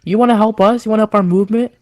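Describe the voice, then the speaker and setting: Game master doing a hostile rebel leader, fast, swearing, sarcastic, dry sound. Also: medium pitch, animated, a little mellow, no room sound, close to an everyday voice.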